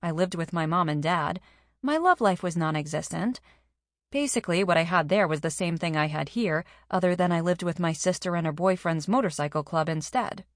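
Low-voiced woman audiobook narrator. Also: a little fast, no room sound, clean studio sound. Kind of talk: scripted narration.

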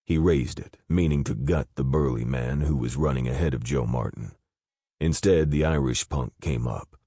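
Male audiobook narrator, husky bass, dry close recording, even measured delivery. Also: no echo. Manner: steady, measured storytelling. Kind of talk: scripted narration of an action novel.

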